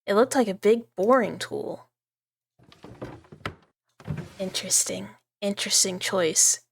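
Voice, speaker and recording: Woman streamer, mid-pitched, giggly, rambling live commentary on a horror game. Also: moderate pace, creaky, a little hiss or hum. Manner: chatty, giggly, lots of asides.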